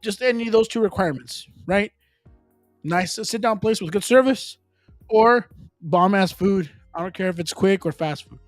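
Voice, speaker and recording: Chatting casually at a moderate pace, a live stream host wanders from topic to topic, peppering his talk with slang and bits of Spanish. He has a fairly high voice for a man, captured dry and up close over faint background music.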